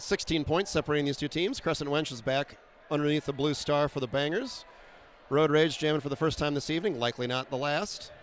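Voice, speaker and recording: A man calling a roller derby bout play by play, quick and wry, with frequent fillers and self-deprecating asides. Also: fairly high pitch, fairly bright tone, a little hiss or hum. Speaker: play-by-play announcer. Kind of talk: live sports commentary.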